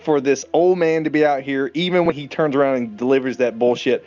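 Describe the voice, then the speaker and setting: A man's voice: mid-range voice, steady tone, a little fast, a little mellow, dull audio, faint music behind. A man co-hosting a casual movie podcast, enthusiastic, swearing freely and acting out scenes. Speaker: podcast co-host. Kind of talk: casual movie review chat.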